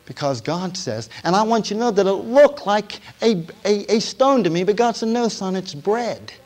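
A man preaching a personal testimony, telling his story and asking the congregation questions, shifting between hushed and emotional passages. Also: high-pitched, animated, moderate pace, low-quality recording. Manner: storytelling, asks the audience questions; swings from quiet to loud and emotional. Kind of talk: sermon testimony.

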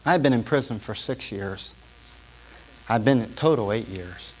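A man giving a sermon testimony to a congregation, telling his story in a storytelling way that drops to a hush and then rises to emphasis. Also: lowish voice, expressive, unhurried. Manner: storytelling, swinging from hushed to emphatic.

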